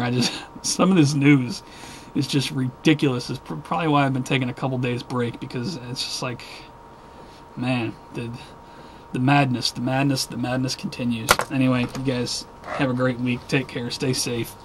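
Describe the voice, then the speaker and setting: A man's voice: mid-range voice, level tone, moderate pace, slight background noise. A man hosting a casual weekly news video, rambling and restarting as he rants about the stories. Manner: rambling, restarts, easily worked up.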